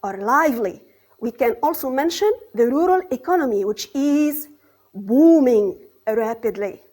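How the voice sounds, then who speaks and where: Slow high-voiced woman teaching English. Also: expressive, a little mellow. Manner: slow, repeats key words, asks rhetorical checks. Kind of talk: radio lesson for exam students. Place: radio studio.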